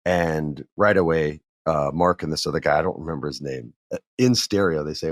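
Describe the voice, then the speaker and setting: A middle-aged man hosting a podcast, telling a work story in a candid, animated way and acting out what others said. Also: very deep voice, brisk, dry recording, studio quality. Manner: candid, animated, acts out quotes in others' voices. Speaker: podcast host. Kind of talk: casual storytelling monologue.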